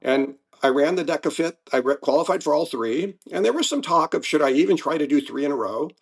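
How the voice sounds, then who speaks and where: A man in his seventies, a guest athlete in a casual interview, telling his stories in a lively way and acting out moments. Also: a little high, fairly quick, breathy edge. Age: 70s. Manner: lively storyteller, acts out race moments.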